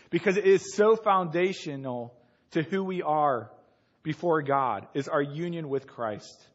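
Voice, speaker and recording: Pastor, male, slightly high voice, storytelling sermon, muffled lo-fi recording. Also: normal speed. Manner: storytelling, builds to emphatic peaks.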